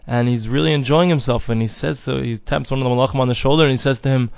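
Earnest male religious teacher; mid-pitched, storytelling, dry recording. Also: steady tone, fast, creaky, a little mellow, dry recording. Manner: earnest teaching, acts out voices in stories. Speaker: Torah teacher.

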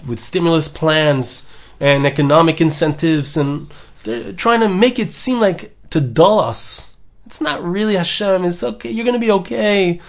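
A man giving an earnest podcast sermon, full of rhetorical questions and repeated phrases. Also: high voice. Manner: earnest, repetitive, rhetorical questions, acts out quoted voices. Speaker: rabbi giving a Torah talk.

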